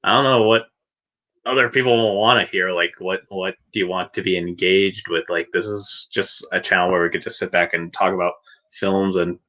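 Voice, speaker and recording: Bright-voiced man, rambling casual chat. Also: low voice, steady tone, moderate pace. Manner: rambling, restarts often, laughs between points. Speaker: podcast co-host.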